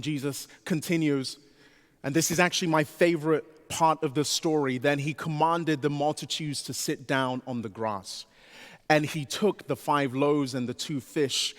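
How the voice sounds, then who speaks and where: A man preaches from the pulpit in a somewhat high voice. His delivery is animated, climbing to a pleading pitch when he speaks as the disciples. The sound carries the long reverb of a large church sanctuary. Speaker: pastor. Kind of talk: sermon.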